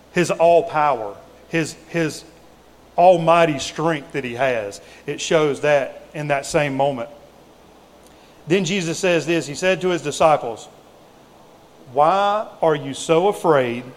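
A man preaching a sermon in a conversational, folksy way, with casual asides to the congregation. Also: a little high. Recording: reverberant hall.

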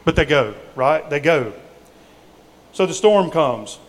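A man's voice: on the high side, animated, slow. A man preaching a sermon in a conversational, folksy way, with casual asides to the congregation. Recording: reverberant hall.

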